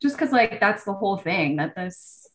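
A woman's voice: medium pitch, sing-song, moderate pace, a bit bright. A woman with a mid-range voice talking casually on a podcast. She is enthusiastic and now and then trails off hunting for a word. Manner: enthusiastic, trails off searching for words. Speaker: podcast co-host.

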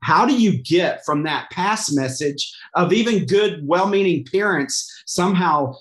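Earnest male podcast host, higher voice. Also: animated, fairly bright tone. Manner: earnest, affirming, quick amens. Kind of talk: casual faith podcast chat.

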